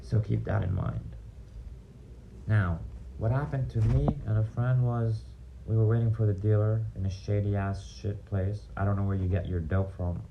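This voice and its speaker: A man's voice: lowish voice, steady tone, normal speed, vocal fry, highs cut off, background noise. Blunt, profane man telling street stories. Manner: blunt and profane, rambling with asides. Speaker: vlogger sharing recovery stories. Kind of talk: casual storytelling monologue.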